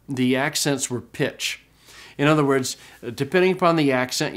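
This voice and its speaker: A man teaching a Greek class, explaining pronunciation patiently, repeating words slowly and checking in with "okay?". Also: mid-range voice. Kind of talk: classroom lecture.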